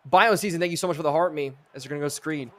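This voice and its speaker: Excitable high-voiced young male streamer. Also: rapid-fire. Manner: excitable, reads chat aloud. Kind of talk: live gameplay commentary.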